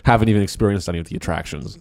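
A man's voice: sits low, rapid-fire, creaky, a little mellow. A man co-hosting a podcast, telling a rambling story full of swearing and restarts. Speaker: podcast co-host. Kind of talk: casual chat.

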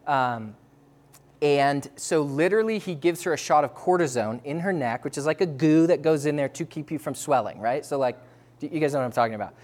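A man telling a story to an audience in a casual, animated way, full of "like" and quick laughs. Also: on the high side. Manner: casual, lots of "like", laughs between phrases. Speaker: speaker sharing a testimony.

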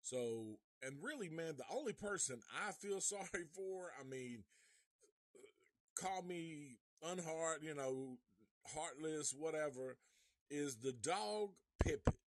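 A man's voice: fairly high pitch, lively intonation, slow, no room sound. A man giving a casual live movie review, rambling and swearing freely, with many restarts. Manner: rambling, profane, restarts often.

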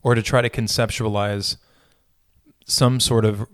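A man's voice: fairly low pitch, flat delivery, measured pace, smooth, no echo, clean studio sound. A man who is a pastor, in a casual conversation about faith, thinking aloud and often correcting himself.

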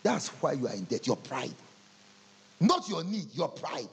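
A man preaching a humorous sermon, telling animated stories and acting out conversations. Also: on the high side, a little slow, creaky, slightly rough. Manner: animated storytelling, acting out dialogues with laughter.

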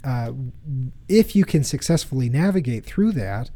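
Earnest man with a mellow voice. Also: mid-range voice, big pitch swings, moderate pace. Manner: earnest, conversational, repeats himself. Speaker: speaker addressing an audience. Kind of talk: motivational talk with personal stories.

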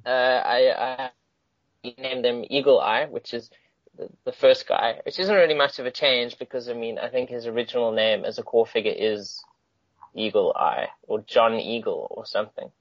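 A man's voice: mid-range voice, fairly even intonation, normal speed, no echo, highs cut off. A man co-hosting a casual chat, enthusiastic and rambling, often laughing. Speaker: podcast co-host.

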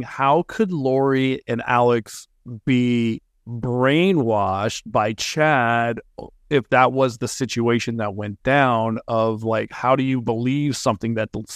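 A man hosting a podcast who asks his guest questions in a halting way, searching for words. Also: mid-range voice, no room sound, clean studio sound. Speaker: podcast host. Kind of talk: interview questions.

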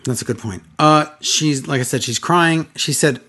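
A man co-hosting a podcast, chatting casually and retelling scenes with excitable voice changes. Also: a little high, moderate pace, breathy edge. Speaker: podcast co-host. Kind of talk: casual podcast chat recapping wrestling.

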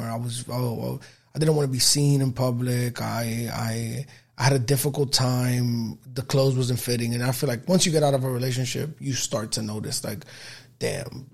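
Gravelly animated man telling stories. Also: medium pitch. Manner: animated storyteller, acts out quotes loudly. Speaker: guest. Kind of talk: casual podcast chat.

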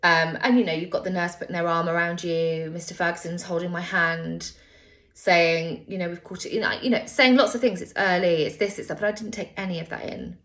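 A woman's voice: lowish voice, fairly even intonation, brisk, a bit bright. A woman telling a personal story candidly and with emotion, sometimes swearing.

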